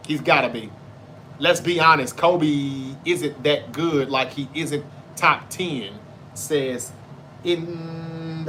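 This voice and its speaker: Southern US male host, slightly high, punchy bright tone, casual and profane, talks straight to chat. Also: a little hiss or hum. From Memphis, Tennessee. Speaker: livestream show host. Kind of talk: casual chat reading viewer comments.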